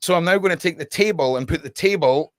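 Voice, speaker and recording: A man's voice: on the high side, fast talker, no room sound, clean studio sound. A man hosting a casual livestream podcast from his home desk, rambling and chatting with viewers by name.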